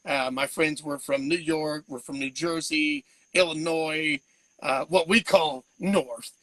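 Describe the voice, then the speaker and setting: A man from Georgia, hosting a casual live-stream chat, rambling fast and laughing often. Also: a little high, steady tone, fairly bright tone, no echo, rough recording. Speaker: podcast host.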